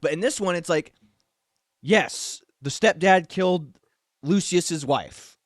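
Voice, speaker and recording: Man, movie review chat, rambling, restarts, fillers, fairly high voice, dry close sound. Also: slow, no room sound. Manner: rambling, many restarts and "you know". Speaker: podcast co-host.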